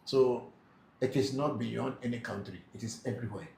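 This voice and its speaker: A man's voice: mid-range voice, normal speed, gravelly. A man hosting a live question-and-answer session, reading out viewers' comments and explaining patiently with many hesitations. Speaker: spiritual teacher hosting a live Q&A. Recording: echoey room with faint background noise.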